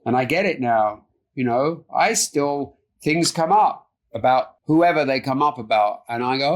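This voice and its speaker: Man, earnest podcast guest, soft-spoken, trails off, remote call. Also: medium pitch, a little slow. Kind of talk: reflective interview talk.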